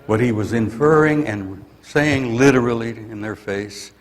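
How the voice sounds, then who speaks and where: A man's voice: mid-range voice, a little slow, few pauses, in a large hall. An older man giving a blunt, grumpy conference talk and venting his anger. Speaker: conference speaker. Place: conference hall.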